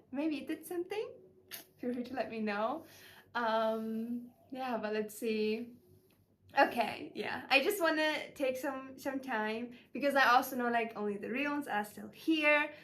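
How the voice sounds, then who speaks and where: A young woman channeling spiritual messages in a casual, gushing vlog voice, full of fillers and warm emotion. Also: high voice.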